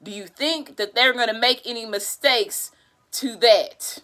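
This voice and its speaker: A woman with a high, sharp voice reads tarot cards in a loose, unscripted way. She talks in a profane, exasperated tone. Her loud outbursts keep sinking into low muttering. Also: measured pace. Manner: profane, exasperated ranting with bursts of laughter. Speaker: tarot reader. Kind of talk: casual tarot reading monologue.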